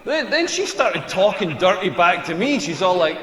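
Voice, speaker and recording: A high-pitched Scottish man in his forties works a comedy club crowd with wry, self-mocking banter, laughing through his lines. The sound is echoey, carried through a live venue with a long reverb tail. He talks in a loose, conversational way. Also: very animated, normal speed, fairly bright tone. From rural Scotland. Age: 40s. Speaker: stand-up comedian. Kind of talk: stand-up comedy set.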